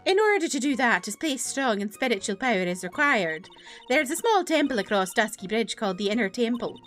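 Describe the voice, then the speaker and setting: Woman voicing a chatty old nun, high bubbly sing-song, bit of music behind. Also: sing-song, brisk, a bit bright. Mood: explaining. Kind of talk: video game dialogue read aloud.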